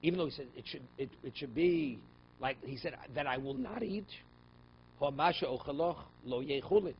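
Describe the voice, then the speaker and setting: A rabbi leads a Talmud class in a somewhat high voice, reading Aramaic lines and explaining them in English. He keeps checking in with his students. The recording is a little dull, with faint room noise behind him. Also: normal speed. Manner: mixes Aramaic quotes into English, asks "okay?" and "right?" often.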